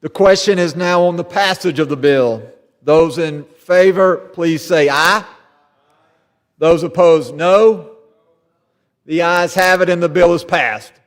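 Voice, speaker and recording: A man presiding over a legislative session, reading routine procedural calls briskly. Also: a little high. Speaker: presiding officer. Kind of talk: formal parliamentary procedure. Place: large legislative chamber. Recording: long reverb of a large chamber.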